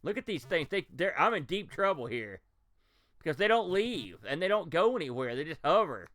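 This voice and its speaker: A man commentating live as he plays old video games, talking to his chat and reacting loudly to what happens on screen. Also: a little high, moderate pace, no echo, clean studio sound. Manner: excitable, reacts loudly to gameplay and talks to chat. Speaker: game streamer. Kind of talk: live game-stream commentary.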